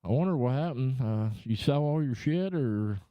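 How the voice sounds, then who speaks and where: A man's voice: medium pitch, expressive, moderate pace, clear, resonant tone, dry recording, dull audio. A middle-aged man hosting a livestream, chatting and ranting casually to his viewers with lots of swearing. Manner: profane, rambling, worked-up ranting. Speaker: livestream host. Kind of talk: casual rant and chat to viewers. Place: home room.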